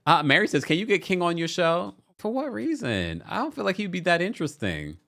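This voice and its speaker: Animated man hosting a casual livestream. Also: sits high, brisk, creaky. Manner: animated, playful, reads viewer comments aloud. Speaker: host of a live recap show.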